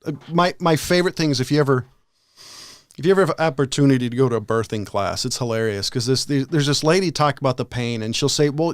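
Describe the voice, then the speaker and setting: A man's voice: a little high, dry recording, studio quality. A man co-hosting a podcast, telling stories with lots of stammered restarts. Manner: stammering restarts, laughs often. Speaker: podcast co-host. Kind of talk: casual banter.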